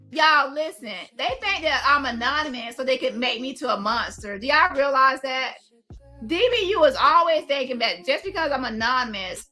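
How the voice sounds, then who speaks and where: High, bright-voiced woman ranting. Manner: profane, confrontational, calls out. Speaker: commentary host. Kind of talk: heated commentary rant.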